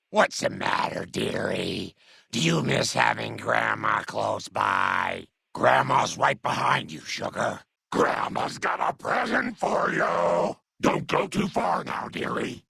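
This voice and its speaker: A man voicing a kindly, muddled old grandmother super mutant in a game dub, raspy and doting, who calls everyone dearie. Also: mid-range voice, bright, forceful tone, no echo, studio quality, heavily acted. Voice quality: gravelly, raspy.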